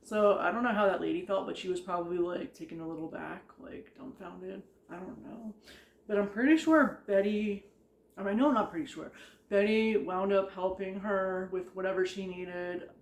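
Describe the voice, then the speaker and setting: A woman's voice: medium pitch, moderate pace. A woman vlogger telling rambling work stories in a casual, chatty way, filling her talk with "like" and frequent laughs. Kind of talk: casual storytelling. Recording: echoey room.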